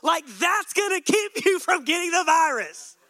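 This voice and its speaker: A male pastor preaching a sermon, emphatic, dropping suddenly soft and adding joking asides to the congregation. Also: extremely high pitch, very animated, unhurried.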